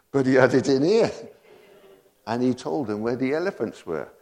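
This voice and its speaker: A man's voice: mid-range voice, animated, measured pace, a little mellow. A man preaching a sermon, full of rhetorical questions and laughing asides.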